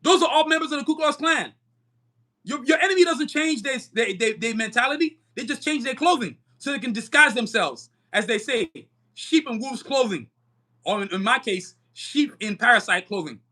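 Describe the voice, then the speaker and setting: Fiery high-voiced young man ranting. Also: expressive, normal speed, pushed and bright. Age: young adult. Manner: emphatic, repetitive stumbling restarts. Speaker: podcast host. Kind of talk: live-stream podcast monologue.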